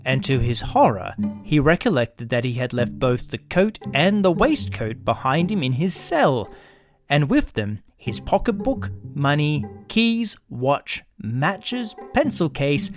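Animated male storyteller. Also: mid-range voice. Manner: expressive, animated reading. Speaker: narrator. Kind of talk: storybook narration.

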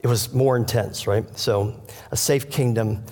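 A man's voice: medium pitch, steady tone, a little slow, a little mellow, big-room sound. A man preaching a sermon as pastor, earnestly retelling a scripture story and turning to the congregation directly. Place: church sanctuary.

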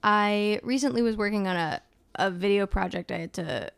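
A woman's voice: medium pitch, moderate pace, vocal fry, clean tone, no echo. A young woman with a New Jersey accent, a podcast guest in casual chat, blunt and jokey with a self-mocking streak.

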